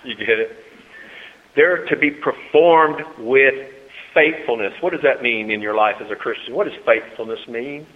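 A man preaching a sermon to a congregation, swinging between soft asides and loud, high-pitched exhortation and calling for amens. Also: moderate pace. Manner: talks with the congregation, calls for amens. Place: church hall. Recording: tinny phone-like recording in a reverberant hall.

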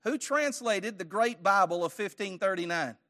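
A man's voice: sits high, expressive, moderate pace, pushed and bright. A man teaching a church Bible study lesson, conversational, quizzing his audience with questions and joking lightly.

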